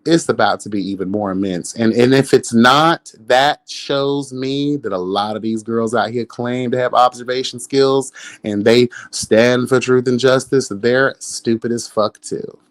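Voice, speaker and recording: A man's voice: medium pitch, unhurried. A man with a mid-range voice hosts a live reality TV review stream. He roasts the cast in a sassy, profane way and keeps calling everyone "girl." He breaks into laughter between jabs. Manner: laughs often, animated roasting. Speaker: reality show commentator, host.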